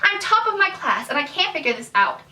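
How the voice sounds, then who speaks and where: A woman's voice: high voice, lively intonation, normal speed, sharp tone, recorded from a distance. A woman with an American accent voicing an anxious eighteen-year-old witch who is the top student in her class. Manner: earnest, fretful read-aloud dialogue. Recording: echoey room, voice from off-mic.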